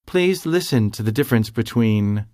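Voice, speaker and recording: A man narrating a scripted grammar lesson in a slow, careful, explanatory way. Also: fairly low pitch, expressive, mellow, a little hiss or hum. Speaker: language tutor.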